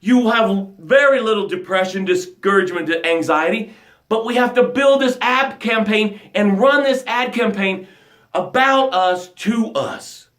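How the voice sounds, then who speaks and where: A man's voice: high-pitched, measured pace. Emphatic motivational man, echoey room. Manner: emphatic, swings from loud bursts to hushed lines. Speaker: motivational coach. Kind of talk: motivational talk.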